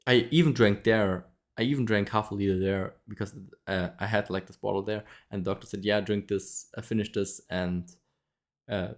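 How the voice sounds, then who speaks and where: Low-voiced man telling a story casually. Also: steady tone, moderate pace. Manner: rambling, many fillers and restarts, frequent laughs. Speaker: vlogger.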